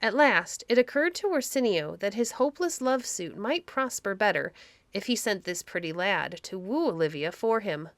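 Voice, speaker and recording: A woman reading a classic story aloud for children in a gentle, measured storytelling voice, close to the microphone. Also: mid-range voice, animated, no room sound.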